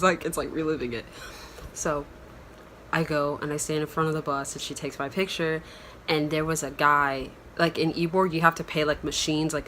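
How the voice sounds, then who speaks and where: A woman's voice: low voice, a bit bright, slight background noise. A young woman from Florida telling a story to the camera in a chatty, rambling way, full of "like". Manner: chatty, rambling, heavy use of "like". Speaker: vlogger. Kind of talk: casual storytelling vlog.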